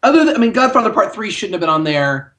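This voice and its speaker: A man co-hosting a podcast in casual movie chat, talking in an animated way with wry, joking asides. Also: sits high, quick pace. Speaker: podcast co-host.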